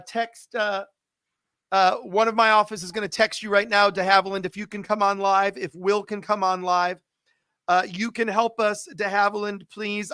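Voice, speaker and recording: A man with a high voice hosts a live stream and makes urgent, pleading appeals to viewers. He repeats his calls to action. The sound is dry and close. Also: bright, forceful tone, clean tone, no echo.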